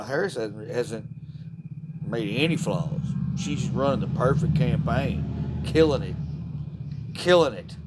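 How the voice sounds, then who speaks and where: A man's voice: medium pitch, a little mellow, a little hiss or hum. A man delivering a profane, fired-up, rambling political rant to the camera. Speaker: vlogger.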